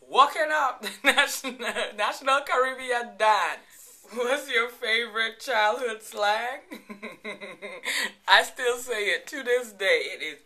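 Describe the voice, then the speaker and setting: A woman's voice: fairly high pitch, slow pace, pushed and bright. A woman in her thirties with a Virgin Islands accent, chatting playfully to camera and laughing often. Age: 30s. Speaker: vlogger. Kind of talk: casual chat to camera.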